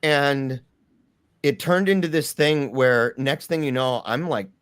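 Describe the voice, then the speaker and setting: A man in the guest seat tells his own story in loose, informal talk, dropping "bro" and "man" as he goes. His voice sits in a middle pitch and stays earnest and emphatic. The sound is close and dry, with no room around it. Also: takes it slowly, a bit bright, smooth, dry recording. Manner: earnest, emphatic retelling of a personal ordeal. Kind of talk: casual first-person storytelling in an interview.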